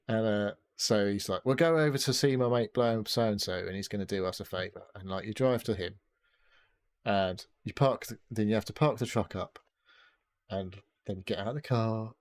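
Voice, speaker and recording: A man with a slightly low voice hosts a casual podcast chat. He rambles and swears freely, restarting sentences and piling on fillers as he goes. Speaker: podcast host.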